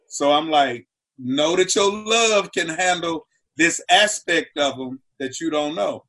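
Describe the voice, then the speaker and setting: A comedian guest on a talk show, telling stories in a lively way and acting out quotes, sometimes shouting. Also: male voice, a little high, unhurried. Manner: acts out quotes with loud shouting asides. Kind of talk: animated storytelling on a talk show.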